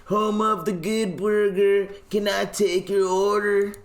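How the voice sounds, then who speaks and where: A man doing a slow, high, sing-song impression of a goofy fast-food cashier. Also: level tone, reverberant. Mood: cheerful.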